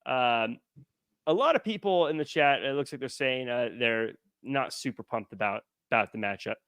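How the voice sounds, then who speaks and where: A man's voice: mid-range voice, normal speed, a bit bright, smooth, no echo, studio quality. A man co-hosting a wrestling podcast, chatting casually and laughing easily. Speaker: podcast co-host. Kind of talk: casual chat.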